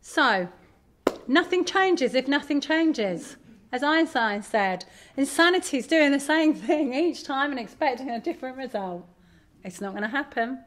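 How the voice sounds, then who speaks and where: A middle-aged woman giving a candid, animated talk to an audience as a parent. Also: high-pitched, unhurried. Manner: animated, candid, self-deprecating. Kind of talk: live presentation to an audience.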